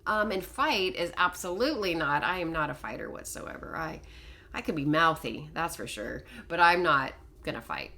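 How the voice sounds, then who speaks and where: A middle-aged woman telling a personal story to camera in a casual, animated, self-deprecating way. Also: low voice, normal speed, gravelly. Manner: animated, self-deprecating, quotes others in dialogue. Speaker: vlogger telling a life story.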